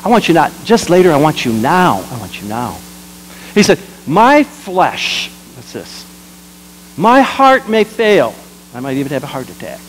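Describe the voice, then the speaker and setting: A man, a pastor, preaching a sermon, jumping between loud exclamations and quiet asides and leading the congregation in repeating lines. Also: on the high side, huge pitch swings, unhurried, a little hiss or hum, poor audio. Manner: leads the congregation in call-and-response.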